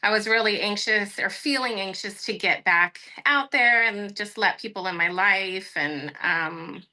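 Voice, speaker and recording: A woman's voice: medium pitch, measured pace, pushed and bright, poor audio. A woman chatting about her progress in a group session, rambling with fillers. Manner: chatty, rambling, laughs often. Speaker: coaching participant. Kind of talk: reflective group share.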